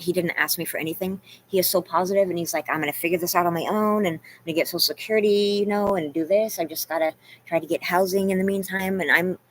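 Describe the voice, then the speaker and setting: A woman's voice: lowish voice, a little hiss or hum. Rambling, confessional woman vlogger. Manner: rambling, confessional, says "you guys" and "like" a lot. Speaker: vlogger talking to live chat. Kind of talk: emotional casual livestream chat.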